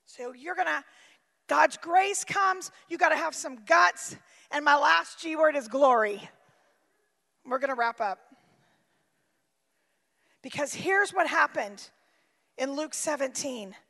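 A woman preaches with a very high, bright voice edged with gravel. She swings from shouting to near-quiet, and her words ring with the long reverb of a large hall. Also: slow pace, pauses often. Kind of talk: sermon.

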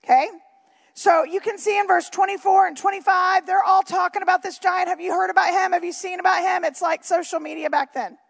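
A woman preaching to her congregation in a strikingly high voice that carries a gravelly edge of fry. She reads scripture and drifts into casual, joking asides as she goes. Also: fairly even intonation, a little fast. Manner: chatty asides and jokes to the congregation. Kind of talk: sermon with Bible reading.

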